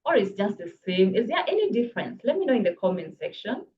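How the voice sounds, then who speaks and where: A woman coaching public speaking in a live online workshop, brisk and encouraging, reading viewers' comments aloud. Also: mid-range voice, very animated, lo-fi sound, slight background noise. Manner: brisk, encouraging, reads chat comments aloud, laughs often. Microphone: video call.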